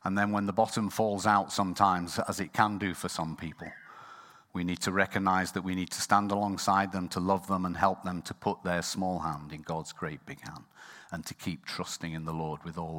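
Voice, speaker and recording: A man preaching a sermon as pastor of his church, earnest and sometimes dropping to a hushed tone. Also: deep voice, level tone, moderate pace. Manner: earnest, softening to a hushed close. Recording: long church hall reverb.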